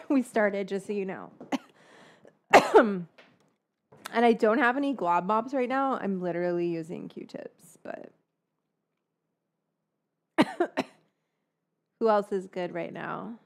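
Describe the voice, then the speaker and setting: A woman's voice: mid-range voice, gravelly. Rambling woman on a livestream. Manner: rambling, swears freely. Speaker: livestream host baking from her cookbook. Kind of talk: casual livestream chat.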